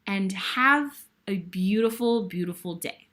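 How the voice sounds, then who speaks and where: Young woman, guest host, effusive, grateful, rambling, bright tone, casual sign-off. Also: mid-range voice, moderate pace, a little hiss or hum. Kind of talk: heartfelt casual sign-off to viewers.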